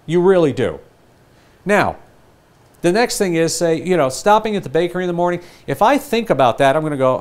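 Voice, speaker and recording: An older man giving a sales training talk, lively and conversational, acting out customer and ad lines as he goes. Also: a little high, fast talker. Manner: animated, acts out customer and ad lines.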